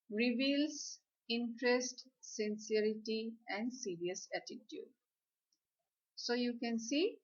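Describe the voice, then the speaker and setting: Female lecturer, unhurried instructive delivery, muffled lo-fi recording. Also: a little high, a bit bright. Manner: slow, deliberate, instructive. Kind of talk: slide lecture on communication skills. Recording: slightly dull, lo-fi audio.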